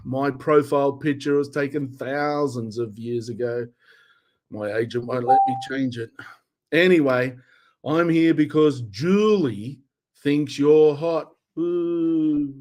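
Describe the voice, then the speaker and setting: A man putting on a weary, thousands-of-years-old male Cupid who sighs and talks deadpan. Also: mid-range voice, close to an everyday voice. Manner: tired, sighing, deadpan.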